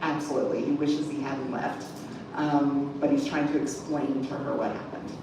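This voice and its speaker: A woman's voice: a bass voice, fairly even intonation, moderate pace. A woman reading a novel aloud at a college event, with chatty, amused asides to her listeners. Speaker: reader at a community event. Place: large room at a college event. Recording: echoey room from far off, background noise.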